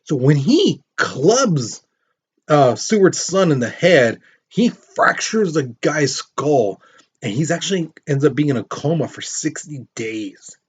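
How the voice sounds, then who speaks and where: With a slightly high, breathy voice and lively intonation, this male teacher moves slowly through a casual history lecture. He narrates events like stories, performs the quotes, and asks his class questions.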